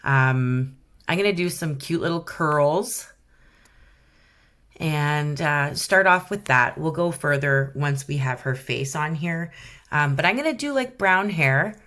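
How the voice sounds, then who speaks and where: Low-pitched, Canadian accent, woman, giggly, casual tutorial chatter. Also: expressive, slow pace, a bit bright. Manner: chatty, giggly, self-deprecating. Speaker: rock painting vlogger. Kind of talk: casual painting tutorial voice-over.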